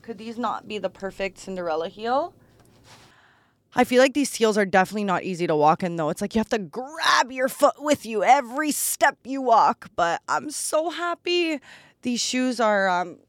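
A woman's voice: mid-range voice, expressive, normal speed, dry recording. Young woman, solo podcast host, gushing, bratty, valley-girl fillers, dry close mic. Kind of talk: solo podcast chat, unboxing gifts.

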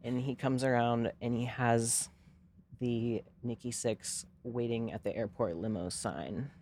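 A man's voice: mid-range voice, steady tone, a little slow, a little mellow. A young man co-hosting a podcast, telling a long story in casual chat, rambling and swearing freely with lots of fillers. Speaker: podcast co-host.

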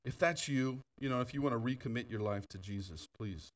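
A man preaching a sermon in a church, his voice moving in lively swings as he tells stories with laughs and asides. He sits at a middle pitch and is a little off the mic, so the sound carries some of the hall. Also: a little fast, recorded from a distance. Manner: animated storytelling with laughter and asides. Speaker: pastor. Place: church sanctuary.

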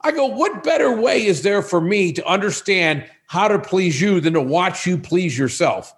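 A man in his sixties talks as a guest on a podcast, his voice sitting a little high for a man. He tells stories in a casual, animated way, slipping into the voices of the people he quotes. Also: normal speed. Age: 60s. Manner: animated storyteller who acts out quoted dialogue. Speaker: guest, sexual wellness business owner.

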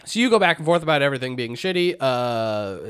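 A man co-hosting a casual podcast, retelling a game's story with profane, sarcastic asides and quick put-on quotes. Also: medium pitch, lively intonation, a bit bright, clean tone. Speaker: podcast co-host. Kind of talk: casual chat recapping a game plot.

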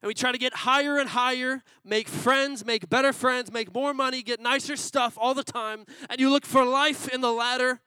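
Playful high-voiced male pastor. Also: steady tone, normal speed, few pauses, sharp tone, clean tone, no room sound, low-quality recording. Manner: playful, teasing the congregation. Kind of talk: sermon with a comic story.

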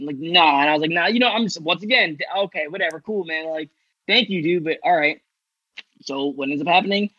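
A man from New York spins a long story in loose, rambling podcast chat, swearing freely and restarting his sentences. His voice sits a little high. The recording is dull and lo-fi, with a dry, close sound. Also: normal speed, bright, forceful tone, husky, dry recording. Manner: rambling, profane, lots of fillers and restarts. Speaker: guest rider telling his story.

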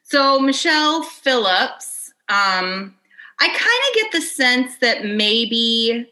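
A woman in her thirties talking things over on a podcast at an unhurried, drawn-out pace. Her voice is bright and forward. She is blunt, chatty and swears freely. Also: on the high side, big pitch swings, low-quality recording. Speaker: podcast co-host. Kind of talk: casual chat.

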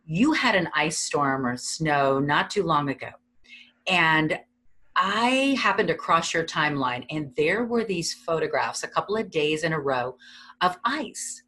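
A woman's voice: deep voice, very animated, a little slow. A woman hosting a podcast, asking encouraging questions and praising her guest. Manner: warm, encouraging, leading questions. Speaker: podcast host. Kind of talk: interview hosting.

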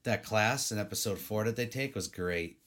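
A man co-hosting a podcast, chatting casually and chiming in with a relaxed manner. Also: lowish voice, moderate pace, crowd noise. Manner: relaxed, laid-back, chiming in. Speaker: podcast co-host. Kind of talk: casual chat about an anime.

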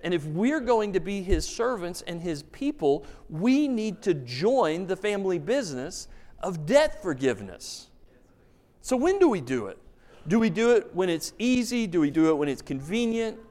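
A man's voice: sits high, big pitch swings, moderate pace, darkish tone. A man preaching a sermon as pastor, telling a story with emphasis and asking rhetorical questions. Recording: long reverb of a large hall.

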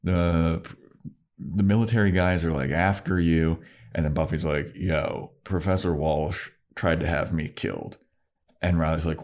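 A man with a low voice chats casually on a podcast, recapping a TV episode. He acts out the characters' lines as he goes, with plenty of swearing and laughing. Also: measured pace. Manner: animated retelling, acting out characters' lines, frequent swearing and laughter. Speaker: podcast co-host.

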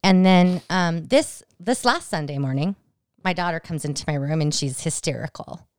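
A woman in her forties co-hosts a podcast, chatting casually and acting out family dialogue as she tells a story. Her deep voice is animated and moderately paced, captured with clean studio sound and no echo.

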